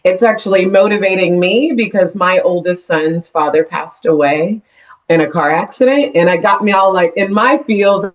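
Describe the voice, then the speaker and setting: Teary woman on a low voice. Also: poor audio. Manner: halting, with nervous laughs and apologies. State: teary, voice wavering. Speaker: real estate agent on a team call. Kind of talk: personal sharing on a video call. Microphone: video call.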